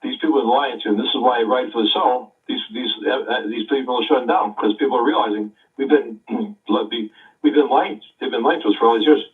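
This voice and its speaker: A man giving casual political commentary, halting and filling his pauses with "uh.". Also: mid-range voice. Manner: halting, lots of "uh" fillers. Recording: thin phone-like sound from a distance.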